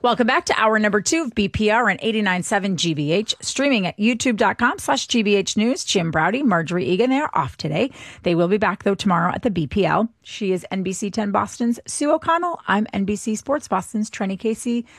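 A woman's voice: medium pitch, lively intonation, brisk, no room sound, studio quality. A woman co-hosting a radio talk show, chatty and playful with a self-deprecating streak. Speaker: radio co-host. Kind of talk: casual on-air chat. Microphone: studio microphone.

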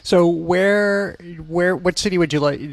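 A man's voice: high voice, measured pace, creaky, dry recording. A man hosting a radio culture show, interviewing a guest in an easygoing way and laughing along with him. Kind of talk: conversational interview.

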